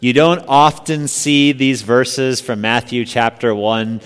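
An American man preaching a sermon in a relaxed, conversational way, quizzing his congregation. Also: medium pitch, slow, clear, resonant tone, long reverb tail. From United States. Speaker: pastor.

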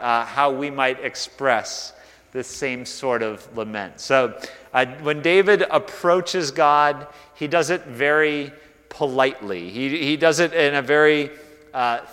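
Male pastor, relaxed conversational sermon, mid-pitched voice, long hall reverb. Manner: conversational, self-deprecating, with many restarts and fillers.

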